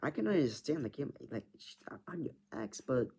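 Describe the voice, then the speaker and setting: A man's voice: mid-range voice, big pitch swings, brisk, creaky, mellow, breathy edge. A man rambling through a personal story in casual chat, full of filler words and frequent swearing. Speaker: vlogger.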